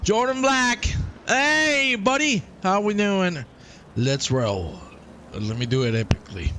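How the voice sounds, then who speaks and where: A man's voice: high-pitched, takes it slowly, a little hiss or hum. A young man hosting a live sim racing stream, commentating playfully and chatting with his viewers. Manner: playful and excitable, chats with viewers.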